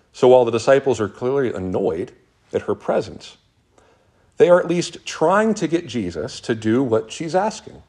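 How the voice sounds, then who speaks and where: A man preaching a sermon as pastor, reading scripture passages aloud with earnest, dramatic pauses. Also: medium pitch, darkish tone, breathy edge.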